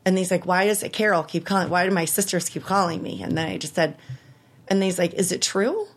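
A woman's voice: lowish voice, a little fast, a little hiss or hum. A woman in her thirties, an interview guest, telling a personal story candidly and with emotion, laughing at times.

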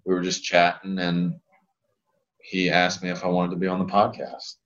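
A man, a physical therapist guest on a podcast, chatting casually and telling rambling, animated stories. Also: sits low, moderate pace, lo-fi sound.

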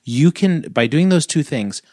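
A man co-hosting a podcast, chatting casually and joking, animated as he pitches to listeners. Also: measured pace, no room sound, clean studio sound. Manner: jokey, animated, plugs with mock urgency. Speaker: podcast co-host.

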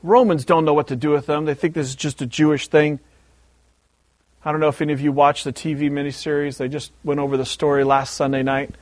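A high-voiced male pastor delivers a sermon, retelling a story with lively animation. He circles back and repeats key words to drive each point home. The sound is close and dry, with no room around it. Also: a little fast, no room sound.

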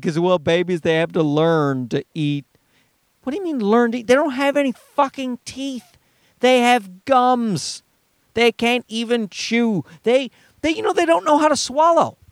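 A man's voice: very high-pitched, dry recording, clean studio sound. A father ranting heatedly and profanely about other parents' advice, talking from inside his car. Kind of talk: ranting monologue.

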